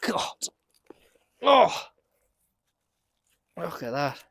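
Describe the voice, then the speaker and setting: A man's voice: on the high side, big pitch swings, extremely slow, vocal fry, a bit bright, no room sound, studio quality. A man giving a casual, chatty running commentary while he works on his allotment garden outdoors, often laughing and talking to himself.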